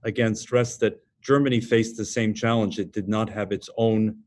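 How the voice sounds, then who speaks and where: Low-voiced guy interviewing on a video call, formal and composed. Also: steady tone, moderate pace, a little mellow.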